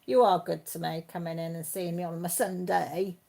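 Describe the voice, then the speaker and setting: A woman hosting a casual live stream, chatting warmly with viewers by name and laughing often. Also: fairly low pitch, little pitch movement, normal speed, gravelly. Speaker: channel host reading live chat.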